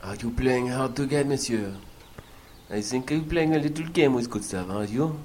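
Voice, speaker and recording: A man's voice: mid-range voice, normal speed, a little mellow, slight background noise, lightly acted. A man voicing a lonely, theatrical Frenchman who calls in, with a put-on French accent and a pleading manner. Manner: pleading, theatrical, mock-sorrowful. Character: lonely dramatic Frenchman caller, middle-aged man. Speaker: caller. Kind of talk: comedic radio call-in bit.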